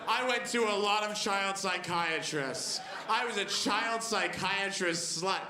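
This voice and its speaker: Man in his twenties, stand-up comedian, wry and storytelling, a touch high, echoey club with crowd noise. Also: unhurried. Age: 20s. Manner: wry storytelling with acted-out quotes. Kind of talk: stand-up set. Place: comedy club stage with live audience. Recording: echoey club with audience laughter.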